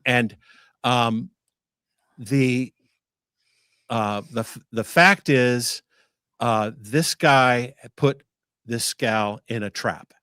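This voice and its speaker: Brief: man co-host, measured and hesitant, mid pitch, dry sound. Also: bright, forceful tone, clean tone, dry recording. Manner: measured, hesitant, reads out legal points. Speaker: livestream co-host. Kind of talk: live-stream talk.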